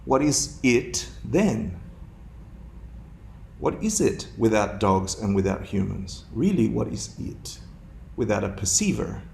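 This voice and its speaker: A man's voice: fairly low pitch, sing-song, takes it slowly, gravelly, a little mellow, slight background noise. A man teaching a dharma class to a room of students, playful, laughing often and putting questions to them.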